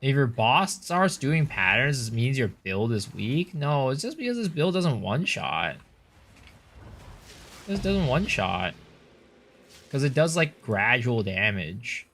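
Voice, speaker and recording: A man's voice: mid-range voice, very animated, a little slow, fairly bright tone. A man streaming a game, chatting casually with his viewers and giving loose, blunt opinions, with some swearing. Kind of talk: casual livestream chat while gaming.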